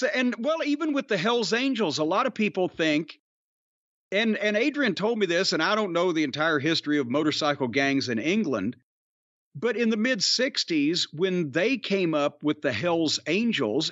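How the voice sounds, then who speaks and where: High-voiced man telling rowdy stories. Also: no room sound, highs cut off. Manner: rambling, profane, animated storytelling. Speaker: former pro wrestler telling stories. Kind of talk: casual podcast chat.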